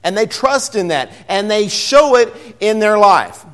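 A man's voice: high voice, big pitch swings, a little slow, a bit bright. A man preaching a Bible lesson in an earnest way, sometimes repeating words as he searches for them.

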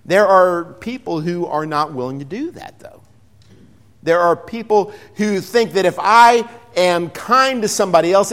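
A man with a somewhat high voice preaches a Bible lesson. He talks earnestly and stumbles over repeated words now and then. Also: moderate pace, fairly bright tone. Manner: earnest, repeats words while searching for them.

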